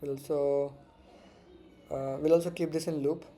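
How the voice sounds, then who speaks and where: A man's voice: on the high side, fairly even intonation, normal speed, dark tone. A man giving casual live commentary while trading forex, muttering and repeating words to himself and swearing freely. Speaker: forex trader streaming live.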